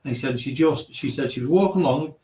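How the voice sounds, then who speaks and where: A man of medium pitch speaks fast in a warm tone while recounting a ghost story as a radio show guest. His telling rambles, he acts out everyone's quoted lines, and the room sounds echoey.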